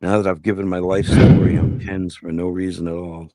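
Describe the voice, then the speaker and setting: A man's voice: deep voice, flat delivery, fairly quick, warm tone, dry recording, studio quality. A man telling a personal family story in casual conversation, blunt and profane. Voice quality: gravelly. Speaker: guest telling his life story.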